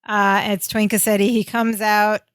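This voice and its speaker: A woman's voice: mid-range voice, level tone, moderate pace, a bit bright, dry recording, clean studio sound. A woman co-hosting a podcast, retelling a sitcom episode in a chatty way, full of "like" and "you know". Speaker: podcast co-host. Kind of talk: casual chat recapping a sitcom episode.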